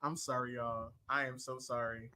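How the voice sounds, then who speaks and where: A man's voice: medium pitch, flat delivery, normal speed, sharp tone. A man co-hosting a casual talk show, joking and apologizing through technical trouble. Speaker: podcast co-host. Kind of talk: casual chat.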